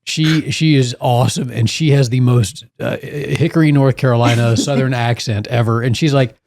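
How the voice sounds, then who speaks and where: A man's voice: mid-range voice, moderate pace, gravelly. A man co-hosting a casual beer podcast, telling stories and laughing often. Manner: animated storyteller, laughs often. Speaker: podcast co-host. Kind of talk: casual chat.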